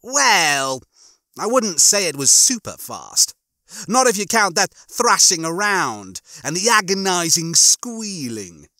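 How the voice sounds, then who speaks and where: Smug prim crewmate, voiced by a man, gloating, lively raised voice, dry sound. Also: sits high, slow pace, dry recording, pitched above the performer's own voice, full character voice. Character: smug, prissy male crewmate who gloats.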